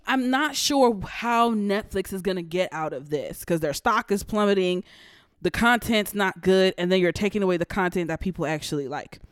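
Brief: young solo podcaster, blunt and profane, smooth dry close sound. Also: medium pitch, dry recording. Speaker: podcast host.

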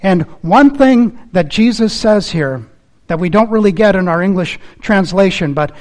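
A man's voice: sits high, lively intonation, normal speed, darkish tone. A man preaching a sermon in an earnest, emphatic manner, repeating key phrases, and closing in prayer. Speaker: pastor.

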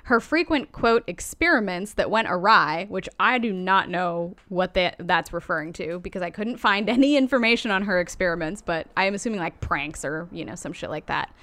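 A woman casually recounting a historical woman's life to a co-host, animated and loose, with light swearing. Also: on the low side, a little fast, hardly any pauses. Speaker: podcast co-host telling a life story. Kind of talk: casual storytelling chat.

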